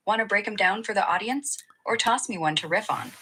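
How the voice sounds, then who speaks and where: A synthetic woman's voice acting as a chat assistant, giving playful, breezy, slangy replies full of flattery. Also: mid-range voice, brisk, a little hiss or hum, poor audio. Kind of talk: upbeat conversational replies.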